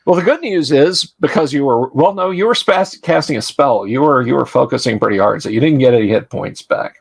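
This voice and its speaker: A man's voice: medium pitch, expressive, brisk, creaky, husky, no room sound. A man running a tabletop game on a livestream, rambling and chuckling through asides. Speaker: game master.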